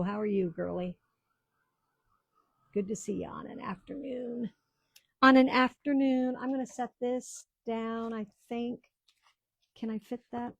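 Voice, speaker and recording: A woman's voice: fairly high pitch, creaky, no echo. A woman in her sixties chatting casually to viewers while she crafts, rambling through family stories in a talkative, storytelling way. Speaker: craft video host. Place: small-town home.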